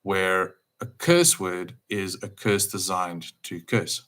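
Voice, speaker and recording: A man's voice: deep voice, animated, slow. Emphatic man, rhetorical. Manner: emphatic, rhetorical questions, swings loud and soft. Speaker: speaker. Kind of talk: casual spiritual talk.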